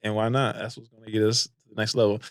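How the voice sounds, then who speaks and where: A man's voice: lowish voice, little pitch movement, fast talker, dry recording, studio quality. A man hosting a podcast in casual chat, teasing his co-host in a playful way.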